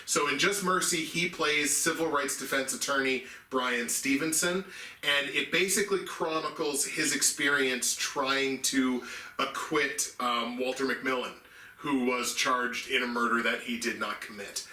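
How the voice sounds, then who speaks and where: A man's voice: mid-range voice, unhurried, sharp tone, far from the mic. A man co-hosting a casual movie review chat, talking earnestly and restarting sentences as he explains his picks. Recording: echoey room, mic set back.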